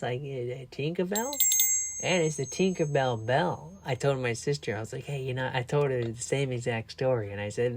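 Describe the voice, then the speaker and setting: A vlogger with a mid-range voice chats to his viewers at normal speed over slight background noise. Sounding a bit tired, he tells a rambling story, often restarting and laughing along the way.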